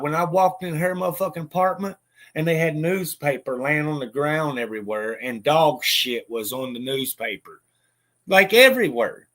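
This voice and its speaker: A man's voice: on the high side, fairly bright tone. A man telling a personal story in a bitter, profane way, with lots of stammered restarts. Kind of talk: casual spoken monologue.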